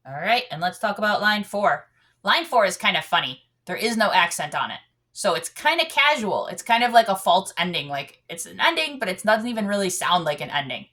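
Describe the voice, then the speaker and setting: A woman's voice: medium pitch, very animated, a little fast, bright, forceful tone. A woman teaching a piano lesson, explaining patiently and singing out counts while she plays. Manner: patient, demonstrates with sung counts. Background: piano playing.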